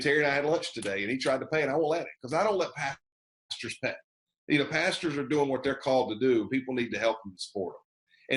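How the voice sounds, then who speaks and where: A man's voice: mid-range voice, fairly bright tone, roomy sound, low-quality recording. An American man giving a motivational sales training over a video call, emphatic and repeating key phrases, acting out sample phone calls.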